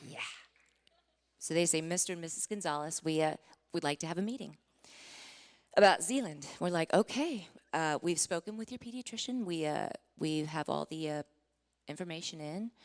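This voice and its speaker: A woman in her forties giving a sermon testimony, telling her story with strong feeling, acting out what was said, rising to near-shouting and dropping to whispers. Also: low voice, moderate pace. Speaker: Christian singer giving a testimony. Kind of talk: sermon testimony to a live audience.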